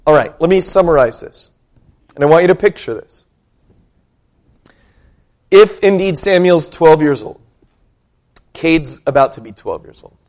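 A man's voice: on the high side, expressive, measured pace, long pauses, darkish tone. A male pastor preaching a sermon, retelling scripture with conversational, dramatic storytelling and questions for the congregation.

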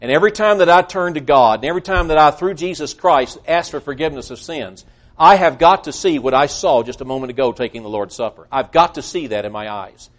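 A man preaching a sermon earnestly, swinging between loud emphasis and hushed, quiet passages. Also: a little high, brisk. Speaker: pastor.

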